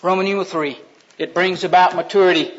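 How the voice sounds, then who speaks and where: A man's voice: sits high, steady tone, fast talker. A man preaching a sermon in a folksy, joking way, acting out voices as he retells stories. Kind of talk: sermon with storytelling. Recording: dull lo-fi sound.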